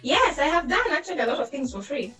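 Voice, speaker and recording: A woman's voice: high voice, big pitch swings, fast, fairly bright tone, faint music behind, poor audio. A young Kenyan woman on a panel, telling her career story openly and laughing easily. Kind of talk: online panel discussion. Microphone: video call.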